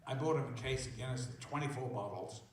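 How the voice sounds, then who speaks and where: A man's voice: mid-range voice, fast talker, heavy reverb, far from the mic, slight background noise, natural voice. An older actor retelling a story and briefly putting on the voice of a terse, stern male film director. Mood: incredulous. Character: stern film director, male, middle-aged, low and curt.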